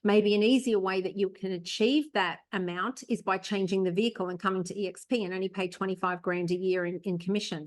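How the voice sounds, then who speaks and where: Woman host, mid-pitched, chatty and encouraging, casual advice talk. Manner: encouraging, rambling with many "you know"s. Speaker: podcast host, real estate agent. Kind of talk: casual chat.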